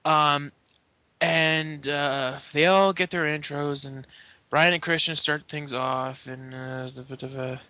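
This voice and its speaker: A man's voice: fairly high pitch, fairly even intonation, takes it slowly, sharp tone, smooth, dry recording. A man hosting a wrestling podcast, recapping in a rambling casual way with plenty of filler, over a call. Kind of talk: casual chat. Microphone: remote call mic.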